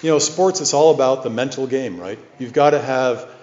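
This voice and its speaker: Echoey preacher in a large hall. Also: male voice, medium pitch, a little mellow. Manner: storytelling, earnest and measured. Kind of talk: sermon. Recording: echoey hall, dull lo-fi sound.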